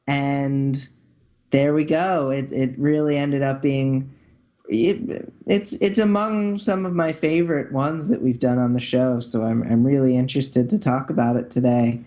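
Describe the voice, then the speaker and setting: A man's voice: medium pitch, steady tone, unhurried, dark tone. Upbeat, jokey man hosting a podcast. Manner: upbeat, jokey, repeats words as he restarts. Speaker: podcast host. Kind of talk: casual chat.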